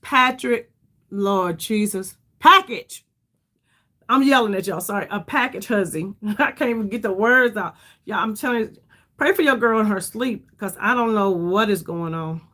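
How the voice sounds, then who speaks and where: A woman's voice: medium pitch, normal speed, a bit bright. A middle-aged woman hosting a casual makeup livestream, chatty and rambling, calling her viewers "y'all" and sounding tired. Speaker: beauty livestream host.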